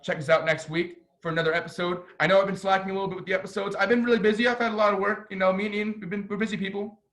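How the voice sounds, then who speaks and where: A man hosting a casual sports podcast, talking in an excitable, rambling, self-deprecating way. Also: sits high, racing. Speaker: podcast host.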